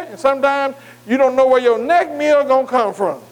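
A man's voice: extremely high pitch, normal speed, low-quality recording. A man preaching a sermon in call-and-response style, emphatic and repetitive, often asking the congregation questions and stretching key words.

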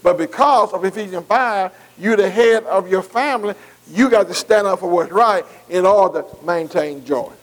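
Preacher guy, pretty high voice, folksy, keeps asking the crowd to answer back. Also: moderate pace, rough recording. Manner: folksy, call-and-response preaching with dialect. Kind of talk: sermon.

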